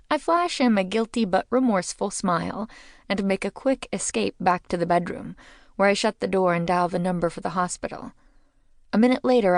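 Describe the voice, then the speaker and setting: A woman's voice: mid-range voice, vocal fry, no room sound, studio quality. A woman narrating a mystery audiobook in the first person, with a wry, conversational telling.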